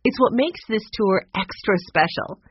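A woman's voice: medium pitch, unhurried, husky, no room sound, pitched above the performer's own voice. A woman voicing a cheerful, eager woman who hosts an orchestra's visitors. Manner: bright, eager, gushing. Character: cheerful, fussing female orchestra host. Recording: muffled, dry recording.

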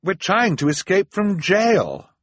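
A man voicing an exasperated teenage girl in an audiobook, speaking high and strained. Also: expressive, measured pace, husky, no echo. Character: exasperated teenage girl, sharp-tongued inventor. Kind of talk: audiobook narration.

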